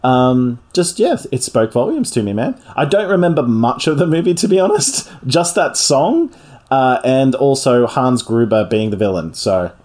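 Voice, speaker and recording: A man's voice: mid-range voice, very animated, moderate pace, hardly any pauses, a little mellow. Rambling, chatty podcast man. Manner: chatty, rambling, laughs often. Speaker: podcast co-host. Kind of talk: casual chat.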